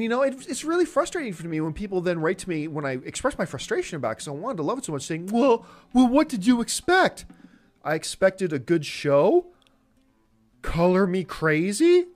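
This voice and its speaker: An exasperated man rants with sarcastic emphasis, his pitch swinging widely from low grumbles to sharp peaks. Faint music plays quietly behind him. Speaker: host. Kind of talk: opinion rant.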